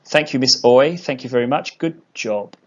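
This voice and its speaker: A man teaching an English lesson to young learners, explaining slowly and repeating key words. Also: mid-range voice. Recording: dull lo-fi sound.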